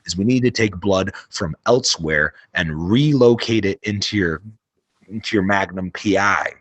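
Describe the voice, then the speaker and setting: A man's voice: sits low, moderate pace, fairly bright tone, no room sound. A man voicing a matter-of-fact male doctor who explains things plainly, in a comedy podcast bit. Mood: explaining.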